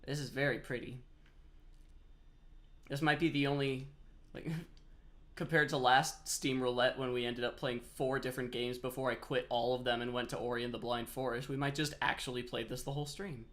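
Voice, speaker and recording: A man's voice: mid-range voice, little pitch movement, normal speed, a bit bright. A man on a headset mic giving casual live game-stream commentary, chatty and rambling as he answers chat while he plays.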